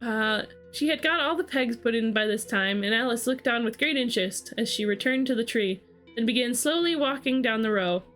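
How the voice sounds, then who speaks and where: A woman streamer narrating a storybook aloud in a steady, storytelling manner, with small restarts. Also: a little high, a little fast, soft background music. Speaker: streamer reading a book aloud.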